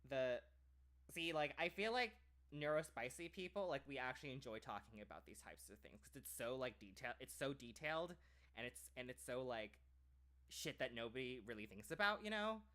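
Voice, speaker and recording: An American man chats casually and rambles, filling his sentences with "like" and stopping to restart them. His voice sits at an ordinary middle pitch for a man. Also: lively intonation, normal speed, bright, forceful tone. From United States. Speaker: streamer.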